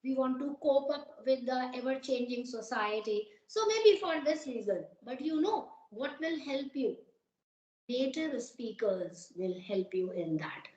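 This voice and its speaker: A woman's voice: sits high, expressive, unhurried, dark tone, roomy sound, muffled recording. A woman from Uttar Pradesh with an Indian accent, an English teacher giving advice in a conversation, asking many rhetorical questions.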